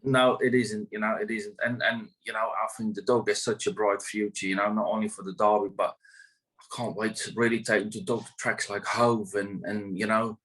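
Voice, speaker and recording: Rambling, low-voiced greyhound trainer. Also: male voice, flat delivery, moderate pace, fairly bright tone, rough recording. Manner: rambling, many fillers and restarts. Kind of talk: casual interview.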